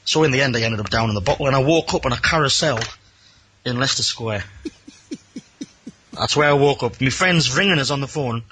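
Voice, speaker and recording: A man's voice: medium pitch, moderate pace, long pauses, pushed and bright, slight background noise. A man with a Geordie accent telling a rambling, self-mocking story as a caller on a radio show, acting out the other people in it. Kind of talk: casual anecdote on a radio phone-in.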